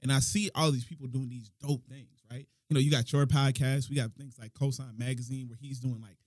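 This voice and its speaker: A man's voice: mid-range voice, steady tone, a little fast, a little mellow, dry recording, studio quality. A man on a podcast as a content creator guest, easygoing and giggly in casual chat. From Dallas area.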